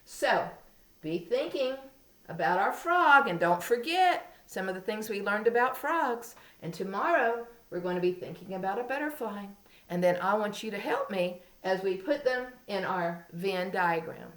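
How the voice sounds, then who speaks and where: A woman's voice: medium pitch, lively intonation, moderate pace, roomy sound. A woman, a kindergarten teacher leading a reading lesson and talking patiently in a sing-song way to small children.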